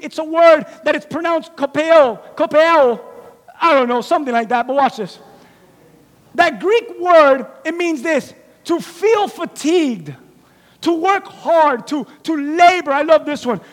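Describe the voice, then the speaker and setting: A man's voice: extremely high pitch, fairly bright tone. A middle-aged man pastor preaching a sermon, calling out to the congregation and acting out dialogue between characters. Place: church sanctuary. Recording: long hall reverb.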